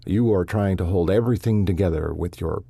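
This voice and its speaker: A torn, impulsive rancher father pours out his regrets in an earnest, anguished way, voiced by a male narrator. The voice is low, husky and warm. It sounds close and dry, in a storybook reading. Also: brisk, no room sound, full character voice.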